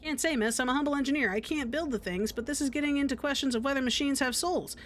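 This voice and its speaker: A woman's voice: sits high, quick pace, a little hiss or hum, lightly acted. A woman doing a folksy, polite engineer. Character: folksy male engineer devoted to machines.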